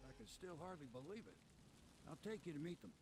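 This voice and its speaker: An actor playing an old boatman in a video game, speaking in a plain, measured way. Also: on the high side, animated, a little mellow, low-quality recording. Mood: calm. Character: old boatman, calm and steady guide. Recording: game audio over music.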